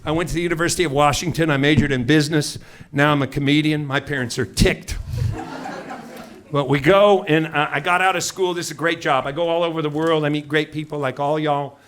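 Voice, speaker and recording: A man's voice: a little high, steady tone, fairly quick. A middle-aged man from Seattle doing a stand-up set, brash and mock-indignant, firing off punchy rhetorical questions. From Seattle, USA. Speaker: stand-up comedian. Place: comedy club stage before a live audience. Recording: loud crowd laughter and room noise.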